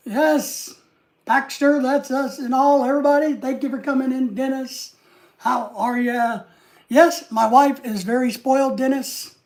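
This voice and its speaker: A woman's voice: high-pitched, darkish tone. A woman hosting a casual live stream, rambling and reading viewer comments aloud.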